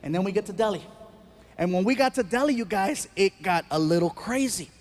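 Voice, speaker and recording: A man performing stand-up comedy, telling a story in an animated way with bursts of shouting. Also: high-pitched, fairly quick.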